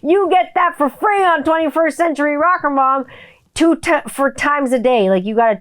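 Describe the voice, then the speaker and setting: At a moderate pace, a middle-aged woman chats profanely as host of her casual solo podcast. She often quotes people in high, kid-like voices.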